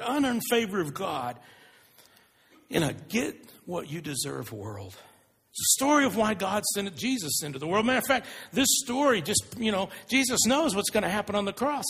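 A man preaching a sermon, retelling stories in an earnest, animated way. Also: sits high, slightly rough. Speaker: pastor. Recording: long reverb of a large hall.

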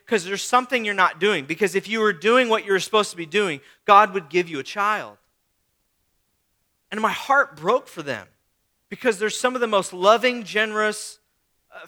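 A male pastor in his thirties delivering a conversational sermon, leaning on rhetorical questions and repeated phrases. His voice sits very high and sounds bright and forward.

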